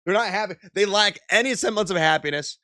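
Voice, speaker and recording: A man's voice: high-pitched, fast talker, bright, forceful tone. A young man streaming, ranting and swearing in exasperated commentary.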